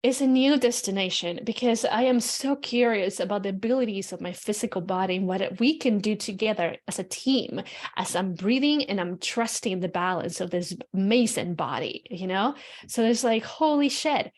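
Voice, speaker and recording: A woman's voice: mid-range voice, normal speed. A woman hosting a podcast, talking in a loose, casual, reflective monologue full of "you know" and "like", frank enough to drop the odd swear word. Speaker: podcast host.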